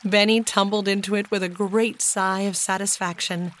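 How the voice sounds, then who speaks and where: Woman reading a storybook, even and measured. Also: mid-range voice, slight background noise. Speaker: audiobook narrator.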